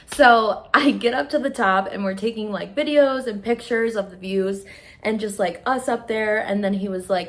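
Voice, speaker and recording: A woman's voice: mid-range voice, moderate pace. A young adult woman beauty vlogger telling a story in casual chat, gushing and emotional.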